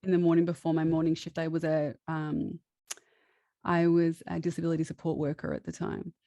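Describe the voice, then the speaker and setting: A woman tells a personal story in a loose, chatty way, often laughing and breaking off to restart her sentences. Her voice sits a little low, and the recording is close and dry. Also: level tone, a little fast, warm tone, no room sound, muffled recording. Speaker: guest.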